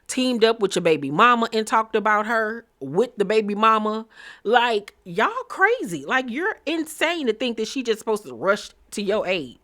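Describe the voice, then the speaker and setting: A woman's voice: mid-range voice, expressive, measured pace, pushed and bright. A woman giving a casual, blunt and sassy recap of a reality TV episode, acting out the cast's lines as she goes. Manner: sassy, blunt, quotes cast members mid-story. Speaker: recap vlogger.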